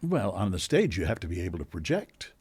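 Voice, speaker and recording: A male podcast host with a husky, slightly breathy voice asks his guest curious follow-up questions. His pitch rises and falls expressively as he chats. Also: sing-song, a little fast, darkish tone. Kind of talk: conversational interview questions.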